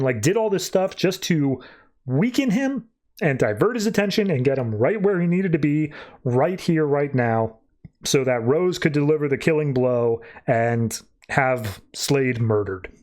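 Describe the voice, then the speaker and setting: A man's voice: on the high side, lively intonation, normal speed, darkish tone. A man hosting a podcast, rambling casually through a review with lots of fillers and loose retelling. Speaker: podcast host reviewing comics.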